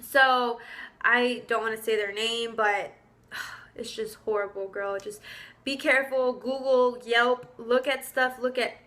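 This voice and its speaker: Bright, high-voiced young woman vlogging. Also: a little slow. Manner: animated, indignant, casual slang. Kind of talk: storytime vlog.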